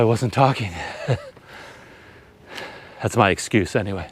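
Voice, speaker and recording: Breathless man, rambling and self-deprecating, low voice, hiking outdoors and filming himself. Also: a little slow, pauses often. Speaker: travel vlogger. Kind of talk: casual vlog talk while hiking. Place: outdoors on a hill trail. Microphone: handheld camera.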